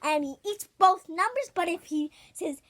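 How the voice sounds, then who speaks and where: A woman's voice: very high voice, lively intonation, normal speed, fairly bright tone. A little girl making up a song and story, rambling and sing-song in a playful way. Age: child. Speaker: child singer.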